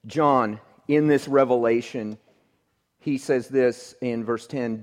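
A man preaching a sermon, telling a story that swings between emphatic outbursts and hushed, quiet passages. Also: medium pitch, fairly even intonation, slow. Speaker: pastor.

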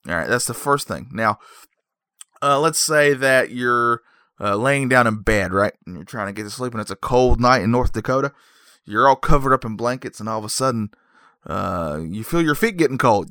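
A man's voice: medium pitch, pushed and bright, no room sound, clean studio sound. A man rambling through a comedic plot recap, full of digressions and self-mocking jokes.

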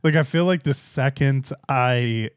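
A man hosting a casual interview, chiming in with relaxed remarks and frequent laughter. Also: mid-range voice, measured pace, smooth, dry recording, clean studio sound.

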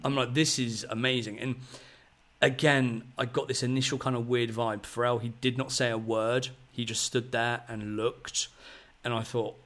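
A man's voice: medium pitch, normal speed. Rambling man telling a story. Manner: rambling, excitable storytelling with many fillers. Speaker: podcast host. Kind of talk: casual storytelling chat.

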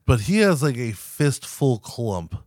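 A man co-hosting a podcast in loose, crude chat. He tells profane stories, acts out quotes and laughs through them at a middle pitch. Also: big pitch swings, slow pace, a little mellow, no echo, clean studio sound. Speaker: podcast co-host.

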